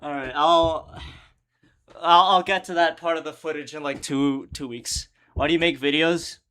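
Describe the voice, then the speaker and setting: High, bright-voiced young streamer man. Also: fairly even intonation, normal speed, clean tone. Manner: loose, profane, joking; answers chat questions while working. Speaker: streamer editing his own videos. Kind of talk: casual livestream chat.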